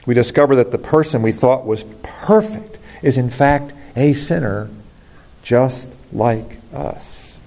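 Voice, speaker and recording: A man's voice: medium pitch, animated, slow, vocal fry, mellow. A man preaching a sermon as a pastor, earnest and rising to emphatic exclamations.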